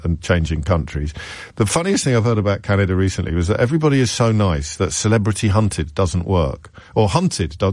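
Brit radio host guy, low-ish voice, dry close mic, chatty and self-mocking. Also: darkish tone, dry recording. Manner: chatty, wry, self-deprecating, many restarts. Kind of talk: radio phone-in chat.

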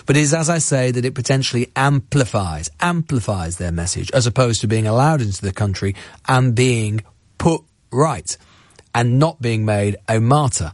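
A man's voice: mid-range voice, normal speed, dry recording, clean studio sound. A male radio host giving earnest, argumentative commentary and interviewing a guest, with frequent restarts. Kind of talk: opinionated talk radio commentary. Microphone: studio microphone.

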